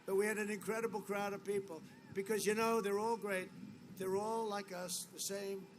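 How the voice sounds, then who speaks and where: An American man with a high voice and little pitch variation speaks at a moderate pace. As a political candidate at an outdoor rally, he gives a boastful, rambling speech into a podium mic, repeating lines often and wandering into asides, and the feed is noisy.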